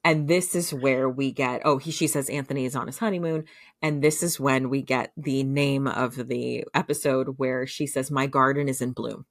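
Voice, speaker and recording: A woman's voice: a bass voice, steady tone, normal speed, dry recording, clean studio sound. A woman casually retelling a show's plot on a podcast, rambling with lots of filler words. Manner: rambling, filler-heavy, laughs through the telling. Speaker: podcast co-host recapping a show. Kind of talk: casual storytelling recap.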